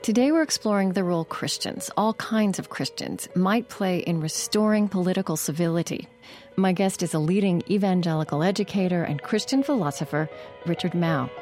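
A woman's voice: fairly low pitch, a little fast, a little mellow. Composed woman hosting over music. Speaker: radio show host. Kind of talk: scripted host narration.

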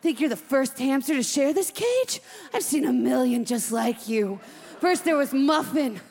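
A woman's voice: sits high, expressive, measured pace, vocal fry, long reverb tail, full character voice. Woman doing a snarling, bitter female hamster. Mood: grim. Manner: snarling, threatening, prone to sudden yelling. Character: bitter tough female hamster, cage veteran.

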